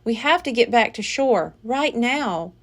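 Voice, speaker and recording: A woman's voice: a little high, expressive, a little slow. A woman reading aloud and voicing a nervous, exasperated young boy. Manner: worried, exasperated grumbling.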